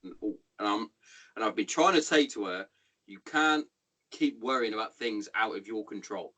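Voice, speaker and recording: A man in his thirties with an English accent, hosting a podcast in casual, sweary, animated chat. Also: lowish voice, normal speed, poor audio. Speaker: podcast host.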